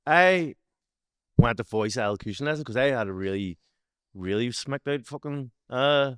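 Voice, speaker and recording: A man's voice: mid-range voice, animated, normal speed, smooth, no room sound, clean studio sound. A man with a West Belfast accent chatting casually on a podcast, swearing freely and telling stories with a slight slur. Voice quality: slurred speech. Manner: swears a lot, storytelling. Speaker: podcast host. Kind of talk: casual chat.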